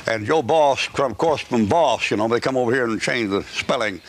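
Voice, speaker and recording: A man's voice: medium pitch, moderate pace. A man preaching a live sermon at a church service, folksy and joking, rambling with restarts. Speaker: pastor.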